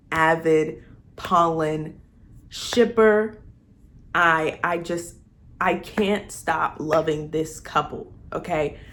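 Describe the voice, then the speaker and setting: Gushing young woman fan, low voice. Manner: gushing, laughing, animated. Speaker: vlogger. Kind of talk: excited fan commentary.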